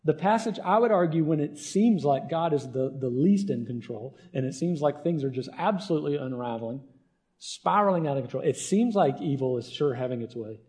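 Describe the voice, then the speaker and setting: Male pastor, slightly high, mellow tone, earnest conversational sermon delivery. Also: lively intonation, brisk. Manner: earnest, conversational preaching with frequent "right?".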